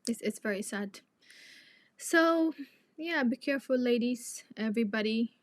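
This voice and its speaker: A woman's voice: a little high, animated, unhurried, dry recording. A young woman, a native Tigrinya speaker, hosting a live chat and talking to her viewers in an outspoken, indignant way. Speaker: live stream host.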